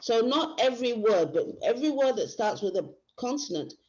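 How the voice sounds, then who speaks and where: A woman's voice: fairly high pitch, very animated, fairly quick, a little mellow. Woman teacher explaining, dull lo-fi sound. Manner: explanatory, stops to restart phrases. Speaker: teacher leading a workshop. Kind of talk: workshop lecture on phonics. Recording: dull lo-fi recording.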